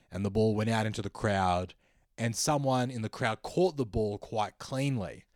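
A man's voice: mid-range voice, a little mellow, no echo, clean studio sound. Wry Australian man musing aloud. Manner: wry, musing, thinks aloud with self-corrections. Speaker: comedian host. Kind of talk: comedic podcast monologue.

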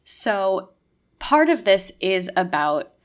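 A young adult woman chatting casually as a podcast co-host, acting out quoted lines with lively shifts in voice. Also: medium pitch, slow. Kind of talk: casual conversation.

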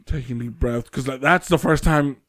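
A man's voice: medium pitch, moderate pace, a bit bright, no echo, clean studio sound. A man hosting a podcast, telling a story in casual chat, rambling with many fillers and restarts. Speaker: podcast host.

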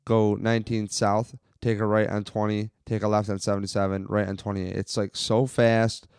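Rambling, swearing man with a smooth low voice. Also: level tone, moderate pace, a little mellow, no echo, clean studio sound. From Western New York. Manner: rambling, profane storytelling. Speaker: podcast co-host. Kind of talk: casual podcast chat.

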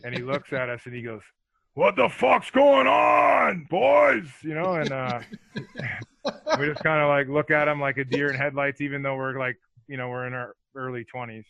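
A man's voice: mid-range voice, a little fast, dry recording, low-quality recording. A man telling rambling, profane stories in a casual chat, full of filler words and acted-out lines. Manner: animated, acts out other people's lines.

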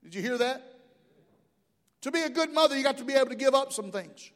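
With a very high, expressive and slightly bright voice, a middle-aged pastor preaches fast and fervently in a church sanctuary. He works in call-and-response asides, and a long hall reverb fills the recording.

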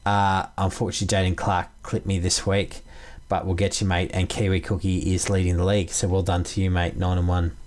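A man's voice: deep voice, completely flat delivery, a little fast, darkish tone. Matey man hosting a podcast. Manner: matey, upbeat, calls everyone mate. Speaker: podcast host. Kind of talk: casual podcast chat.

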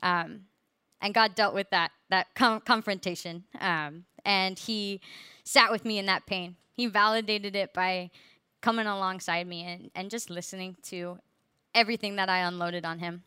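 A woman's voice: mid-range voice, fairly even intonation, normal speed, sharp tone, clear, resonant tone, dry recording, studio quality. A young woman earnestly sharing her personal faith testimony with a group, with many fillers. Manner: earnest, many fillers, laughs through hard parts.

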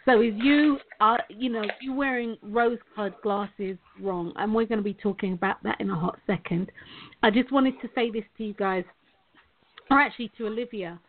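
A woman's voice: on the high side, fairly quick. A woman hosting a live online talk show, chatty and rambling, laughing often as she talks. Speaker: show host and coach. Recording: tinny phone-like line.

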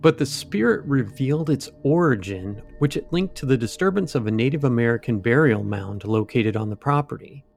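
A man's voice: medium pitch, expressive, moderate pace, creaky, few pauses. A man co-hosting a podcast, retelling a ghost story in a loose, rambling way with asides and fillers. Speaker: podcast co-host.

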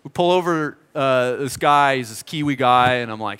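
A middle-aged American man preaching a sermon, telling a story in an animated, joking, conversational way. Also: mid-range voice, normal speed, few pauses, clean tone. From United States. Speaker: pastor. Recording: reverberant hall.

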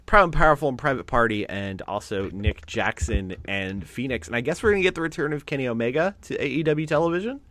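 A man co-hosting a podcast in casual chat, talking with excitement and swearing freely. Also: mid-range voice, fast talker, few pauses, no echo. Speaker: podcast co-host.

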